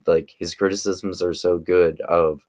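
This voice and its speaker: A man's voice: low-pitched, little pitch movement, measured pace, darkish tone, dry recording, muffled recording. A man giving casual, rambling commentary on a video clip, with many restarts and fillers. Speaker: commentary YouTuber.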